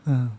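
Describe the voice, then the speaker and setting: On a livestream for his running channel, a man answers viewer comments in casual, rambling chat full of "like" and "you know." His voice is mellow.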